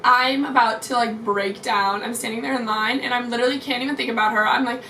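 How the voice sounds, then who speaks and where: A woman's voice: a little high, fairly even intonation, fast, hardly any pauses, sharp tone, slight background noise. A young adult woman gushing through a casual storytime vlog, rambling with many fillers. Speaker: vlogger. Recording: roomy echo from far off.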